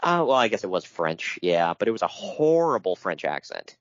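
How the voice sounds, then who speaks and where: A man's voice: sits low, very animated, moderate pace, no room sound, highs cut off. Wry man reading notes on a podcast. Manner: wry, laughs often, reads notes then riffs. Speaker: podcast co-host. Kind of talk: casual podcast chat.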